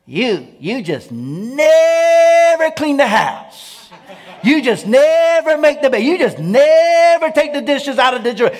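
A preacher putting on the voice of a nagging spouse who keeps listing complaints in a whiny, accusing way. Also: male voice, very high-pitched, very animated, slow, pitched above the performer's own voice, heavily acted.

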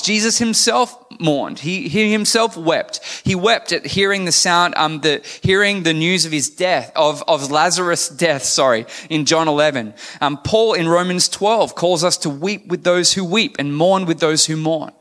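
A man's voice: on the high side, a bit bright, in a large hall. A man preaching a sermon in a candid, conversational manner, asking his congregation questions. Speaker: pastor.

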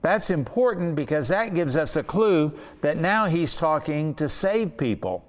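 A man teaching a Bible study lesson in an earnest way, slowing down to stress key words. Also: fairly high pitch, very animated, big-room sound.

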